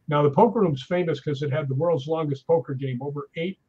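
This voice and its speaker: A man with a fairly high, husky voice spins ghost-hunting anecdotes in a relaxed chat, slipping into the voices of the people in his stories. The sound is dull and lo-fi, as if over a call. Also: a little fast. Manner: animated anecdotes with acted-out quotes. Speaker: guest. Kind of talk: casual storytelling chat.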